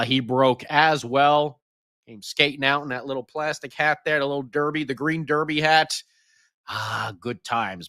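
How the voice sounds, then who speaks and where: A man hosting a sports podcast, giving an energetic, jokey game recap. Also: fairly high pitch, no echo, studio quality. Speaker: podcast host.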